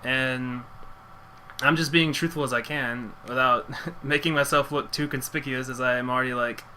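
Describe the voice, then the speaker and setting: A man's voice: mid-range voice, fairly even intonation, moderate pace, pushed and bright, slight background noise, low-quality recording. A young man streamer casually telling a story, rambling with lots of "like" fillers and swearing.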